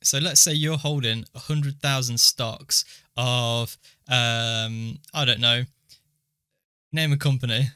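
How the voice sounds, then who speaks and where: A man's voice: mid-range voice, fairly even intonation, takes it slowly, sharp tone, clear, resonant tone, dry recording, clean studio sound. A young man co-hosting a casual podcast, explaining things step by step. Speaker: podcast co-host.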